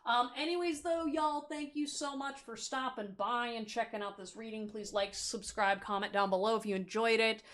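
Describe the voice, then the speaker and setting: A young woman talks through a pick-a-card tarot reading in a loose, chatty way, her voice sitting a little high. She gets excitable and bursts into loud laughs. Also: moderate pace, hardly any pauses. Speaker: tarot reader.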